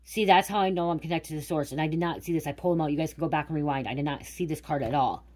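Middle-aged woman, low-pitched, casual card reader thinking out loud. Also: very fast. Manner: musing aloud, repeating words. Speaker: tarot reader. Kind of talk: casual spiritual card reading.

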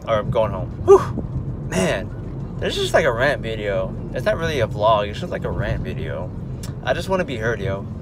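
A man's voice: mid-range voice, noisy background. A young man in a casual vlog rant, exasperated and rambling with lots of fillers, talking from his car. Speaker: vlogger.

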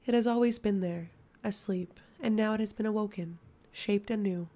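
A woman voicing a hollow, eerie young noblewoman in an audiobook, speaking softly in a silken, dead yet vicious tone with a gravelly edge. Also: mid-range voice, moderate pace, lightly acted. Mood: hollow, toneless. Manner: soft, breathy, toneless delivery.

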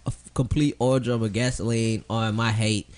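A man's voice: on the low side, fairly even intonation, normal speed, darkish tone. A young man co-hosting a podcast in casual chat, laughing often, swearing freely and slipping into goofy voices. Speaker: podcast co-host.

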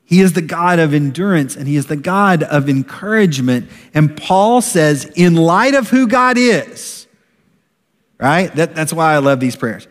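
A middle-aged man preaches in a church sanctuary, his voice sitting a little high for a man. He is animated and expressive, breaking into acted voices to make his point. The sound carries a long reverb from the large hall. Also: a little slow. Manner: animated, acts out shouted parent voices. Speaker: pastor. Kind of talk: sermon.

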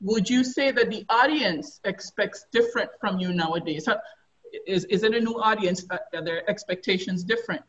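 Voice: mid-range voice, moderate pace, fairly bright tone. A webinar moderator who politely interrupts to read out a question from the audience. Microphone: video call. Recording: distant, muffled video call audio.

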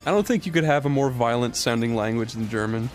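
A man hosting a let's-play, chatting crudely and jokingly, often slipping into high put-on voices. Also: fast, loud music behind the voice. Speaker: gaming channel host. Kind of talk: casual let's-play banter.

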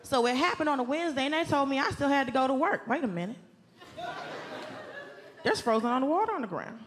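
A woman from the doing stand-up comedy, animated and exasperated, shouting her punchlines. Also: high-pitched, quick pace, slight background noise. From Southern US, Atlanta. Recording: club stage mic with loud crowd laughter. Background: audience laughter and ambience.

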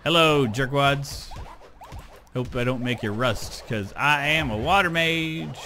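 A man's voice: medium pitch, slow, sharp tone, a little hiss or hum. A man doing a boastful water mage with a funky accent. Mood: taunting. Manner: silly put-on accent. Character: boastful male water mage taunting frogmen.

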